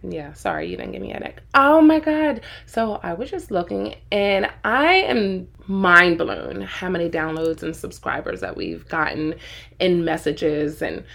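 A middle-aged woman co-hosting a casual podcast, her low voice raspy and gravelly from a cold. She sounds congested and husky, talking frankly and laughing easily. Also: measured pace. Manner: frank, laughing, animated chat. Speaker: podcast co-host.

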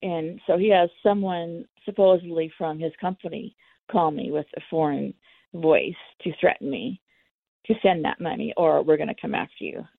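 A woman's voice: low-pitched, moderate pace, vocal fry, no room sound. A woman telling her own story in an interview, candid and acting out the dialogue. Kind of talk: personal storytelling. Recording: tinny phone line, dry.

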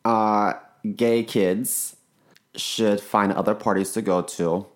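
A man's voice: on the low side, steady tone, slow pace. A man co-hosting a casual podcast, telling stories in a laid-back way with dry teasing and hesitant fillers. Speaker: podcast co-host. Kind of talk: casual chat.

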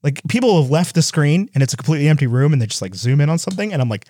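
Animated man in casual chat. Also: a little high, no echo. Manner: animated, quick asides, does voices when retelling. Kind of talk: casual chat about movies.

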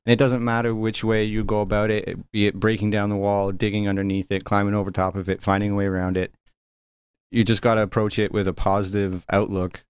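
A man chatting casually, earnest and encouraging as he makes his point. His voice is lowish and smooth. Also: flat delivery, quick pace, no echo. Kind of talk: casual podcast chat.

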